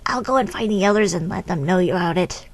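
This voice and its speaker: A woman's voice: fairly low pitch, a little fast, creaky, no echo. A woman voicing an adult male thief in a video game, mild and inquisitive. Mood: calm. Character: curious adult male thief, calm and even.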